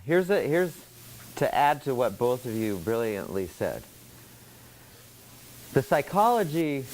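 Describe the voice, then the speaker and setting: A man's voice: mid-range voice, slight background noise. A man teaching a class, asking students questions and explaining ideas step by step. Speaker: instructor.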